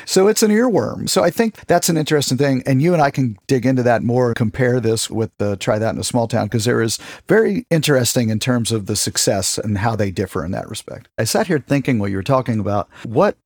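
A man speaking as a guest on a podcast, discussing a song in animated conversation and building to emphatic questions. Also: mid-range voice, fairly quick, hardly any pauses, no echo, studio quality. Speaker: music journalist, guest.

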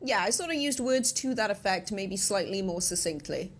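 A woman with a British accent, co-hosting a radio show and telling stories in animated, casual banter. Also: medium pitch, moderate pace, breathy edge. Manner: animated storyteller. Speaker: radio co-host. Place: radio studio.

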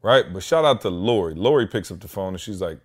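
A man tells a rambling story on his podcast, recorded in his home basement, in a lowish voice and laid-back slang. He acts out the other people's lines as he goes. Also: fast. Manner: animated, slangy storyteller who acts out dialogue. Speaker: podcast host. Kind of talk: casual storytelling.

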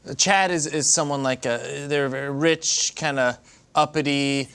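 A man's voice: on the high side, measured pace, fairly bright tone, smooth. A man playing a devil's eager, hesitant servant in an improvised comedy game. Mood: earnest. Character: Steve, the devil's eager male intern-servant.

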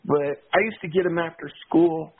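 A man calling in to a radio show, chatting casually in a rambling, halting way. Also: fairly high pitch, steady tone, slightly rough. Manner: rambling, halting, full of restarts and filler. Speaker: caller. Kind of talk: casual call-in chat. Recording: tinny phone line.

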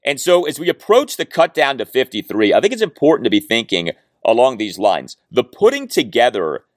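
A man hosts a solo sports podcast at a middle pitch. His delivery is animated, his voice leaps high and drops low, and he jokes with himself as he goes. The sound is dry, with no room echo. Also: fairly quick. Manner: animated, talks to himself jokingly.

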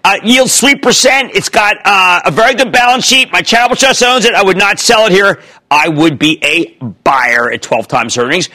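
A man in his sixties hosting a TV stock show, loud and theatrical, jumping between shouts and mutters. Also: sits high, animated, normal speed, poor audio. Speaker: TV host. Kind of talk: excitable TV stock commentary.

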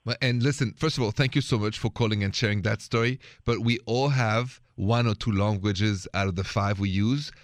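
A man's voice: lowish voice, fairly even intonation, moderate pace, hardly any pauses, dry recording, studio quality. A man with a thick French accent hosting a radio talk show, upbeat and reassuring with callers.

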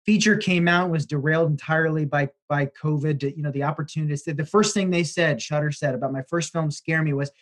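A man's voice: a little high, fairly even intonation, fairly quick, few pauses. A man talking as a guest director, effusive and rambling with many fillers. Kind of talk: casual interview chat.

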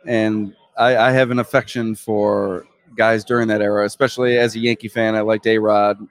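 A man's voice: on the low side, level tone, normal speed. A young adult man, a sports reporter and guest, chatting casually and thoughtfully, often repeating words as he starts. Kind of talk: casual chat.

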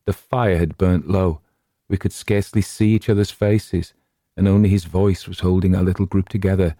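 A man narrates a horror tale in a hushed, measured way, lingering on the chanted rhyme lines. His voice sits very low with a warm, dark tone. The recording is dry and close, with no room sound. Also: steady tone, no room sound. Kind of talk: storytelling reading of a horror tale.

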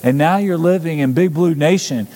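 A man's voice: fairly high pitch, normal speed, dark tone. A man preaching a sermon as pastor, earnest and urgent, building up with repeated phrases. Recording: long hall reverb.

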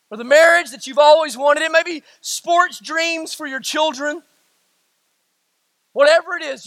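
A man with a Southern US accent preaching a sermon as a pastor, swinging from shouted lines to hushed, quiet ones. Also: very high voice, vocal fry, no room sound. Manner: dramatic swings from shouting to hushed near-whispers.

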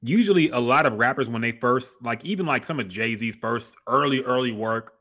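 Man co-host, bright sharp voice, loose animated music chat. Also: mid-range voice, normal speed. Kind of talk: casual chat about music.

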